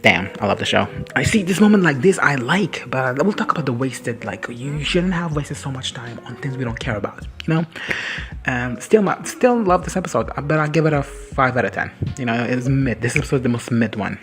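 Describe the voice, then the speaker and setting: A man's voice: mid-range voice, expressive, brisk, a bit bright, soft background music. A man casually recapping and reacting to a TV episode, rambling and sassy, swearing freely and laughing often. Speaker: reaction video host.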